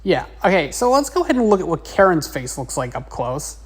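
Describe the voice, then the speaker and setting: A woman's voice: on the low side, very animated, brisk, husky. A woman teacher narrating a casual drawing lesson in a chatty, rambling way. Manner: chatty, rambling, with many fillers.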